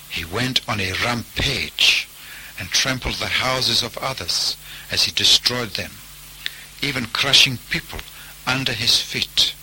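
Slow-telling man narrating a folk tale. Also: medium pitch, sharp tone, a little hiss or hum, poor audio. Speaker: storyteller. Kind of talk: storybook narration.

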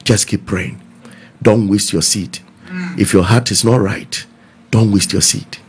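A male pastor, preaching and appealing for offerings in a somewhat low voice. He speaks emphatically and drives his points home by repeating them, with faint noise in the background. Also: steady tone, measured pace. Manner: emphatic, repeats key phrases.

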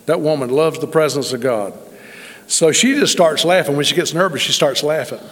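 Preacher, high voice, echoing hall. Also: male voice, moderate pace. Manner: folksy, emphatic testimony. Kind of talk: sermon storytelling. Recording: long reverb in a large hall.

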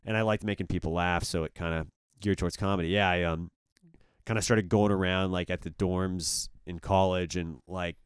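An Orange County, California, man who organizes comedy shows is a guest on a podcast, chatting casually and laid-back, rambling with plenty of "kinda" and "dude." His deep, smooth voice keeps fairly even intonation at normal speed, recorded at studio quality without echo.

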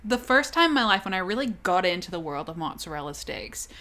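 A woman's voice: on the low side, sing-song, quick pace, pushed and bright. A young woman with an Australian accent, co-hosting a casual podcast. She tells stories with a lot of animation and keeps breaking into giggles. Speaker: podcast co-host. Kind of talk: casual chat.

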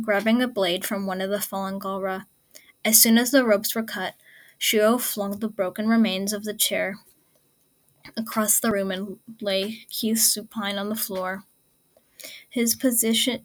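A woman narrates a story in a hushed, whispery voice that stays soft and close. Her pitch barely moves, which keeps the delivery flat and even. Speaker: fan fiction reader.

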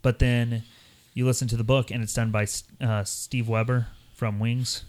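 A man co-hosting a podcast, talking in a rambling, animated way and putting on voices when he quotes people. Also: mid-range voice, normal speed. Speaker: podcast co-host. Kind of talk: casual chat.

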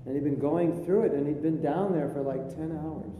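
A man as spiritual teacher giving a chatty sermon with jokes, in a live recording from an echoey hall with a faint rumble. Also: moderate pace, few pauses. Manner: chatty storytelling, jokey asides.

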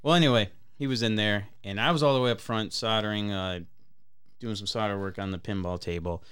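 A man's voice: fairly low pitch, brisk, a bit bright, clear, resonant tone. A man co-hosting a podcast, telling a crude story in casual chat, rambling and swearing and often breaking into laughter. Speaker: podcast co-host.

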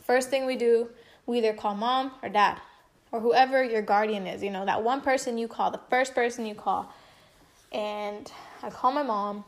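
Young woman vlogger, slightly high voice, casual emotive storyteller with lots of fillers. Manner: chatty and emotive, heavy use of filler words. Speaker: vlogger telling a personal story. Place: at home.

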